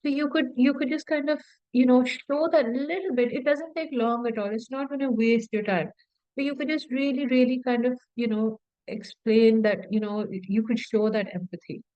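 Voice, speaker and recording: A woman's voice: a little high, fairly even intonation, normal speed, darkish tone, dry recording, muffled recording. A woman teaching as a medical exam tutor in a conversational way, repeating words for emphasis and often saying "you know". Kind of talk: informal teaching talk.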